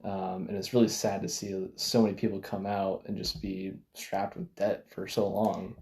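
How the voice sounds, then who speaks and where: Deep voiced guy hosting a casual chat, calm, agreeable, lots of mm-hmms. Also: normal speed, gravelly. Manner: calm, agreeable, short backchannels. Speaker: host. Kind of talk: casual conversation.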